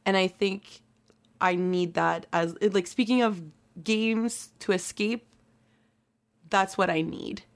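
A woman's voice: medium pitch, fairly even intonation, slow. A young woman, a student, co-hosting a casual podcast chat, giggling often and filling her talk with "like". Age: young adult. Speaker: podcast co-host.

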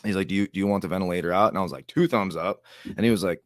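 A man's voice: sits low, very fast, dry recording, clean studio sound. A man speaking as an interview guest, rambling and acting out other people's lines with laughs. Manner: rambling, acts out quoted voices with laughs. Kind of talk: casual storytelling interview.

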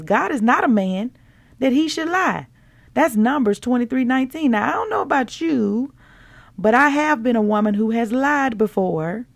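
Playful woman with a gravelly voice. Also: medium pitch, no echo. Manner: playful, preachy, talks straight to listeners. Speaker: podcast host. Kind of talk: casual devotional podcast talk.

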